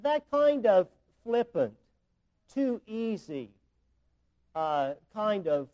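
A man delivering a sermon in a slightly higher-than-usual voice. He builds his points through emphatic repetition. His delivery is earnest and teacherly. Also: darkish tone, rough recording. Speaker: preacher.

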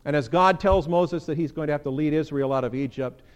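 A man preaching a sermon as pastor, animated, acting out quoted lines with sudden leaps in pitch. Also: brisk.

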